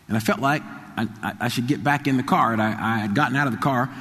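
A man's voice: medium pitch, fast, big-room sound. A man preaching a sermon, telling a story with many repeats and stammers. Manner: repeats phrases, stammers, builds to excited shouting. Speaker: pastor.

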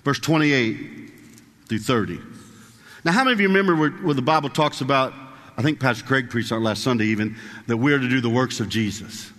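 A man preaching a sermon in a conversational way, asking the congregation questions and reading scripture aloud slowly. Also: medium pitch, a bit bright, in a large hall.

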